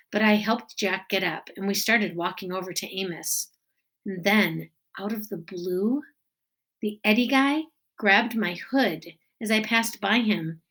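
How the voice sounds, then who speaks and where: A woman teacher reading a children's novel aloud with expressive storytelling. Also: mid-range voice.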